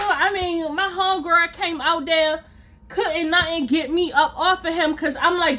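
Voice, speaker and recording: A woman vlogger tells a personal story straight to her viewers in a casual, lively way. Her voice is high and bright. She hammers points home by repeating them and slips into the voices of the people in the story. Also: slow pace, pauses often. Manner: animated, repeats phrases for emphasis, acts out quoted lines.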